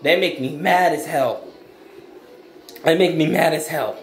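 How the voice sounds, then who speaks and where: A man's voice: fairly high pitch, unhurried, slight background noise. Young man ranting in an echoey room. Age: young adult. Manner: emphatic, repetitive, blunt slang-heavy ranting. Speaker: vlogger. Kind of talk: ranting vlog monologue.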